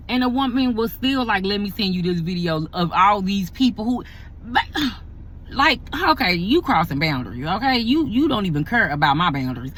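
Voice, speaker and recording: A woman's voice: medium pitch, lively intonation, fairly quick, fairly bright tone, slight background noise. A woman, a pastor and vlogger, talking casually and emphatically to her viewers, repeating herself for effect. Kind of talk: casual talk to camera.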